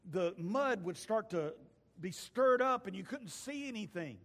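A man, a pastor giving a folksy, storytelling sermon that swings between loud calls and hushed asides. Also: high-pitched, animated, unhurried. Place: church sanctuary. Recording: long hall reverb.

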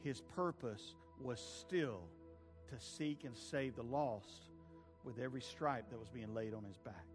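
A man preaching a sermon, swinging from hushed pleading to loud fervent peaks. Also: on the high side. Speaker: pastor. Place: church sanctuary with a congregation.

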